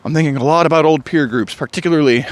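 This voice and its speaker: A man vlogging solo in a loose, digressive monologue. His voice sits a little high for a man, and he sighs now and then as he muses aloud. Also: quick pace. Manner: musing, digressive, sighs often.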